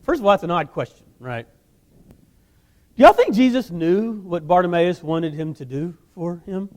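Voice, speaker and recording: A man preaching a sermon, telling the story in an animated way with casual asides. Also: sits high, normal speed, in a large hall. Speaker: guest preacher.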